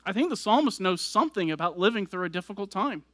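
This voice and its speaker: A man's voice: high-pitched, animated, quick pace, a bit bright, no echo. A man preaching a sermon, explaining scripture verse by verse and building emphasis as he goes. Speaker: pastor.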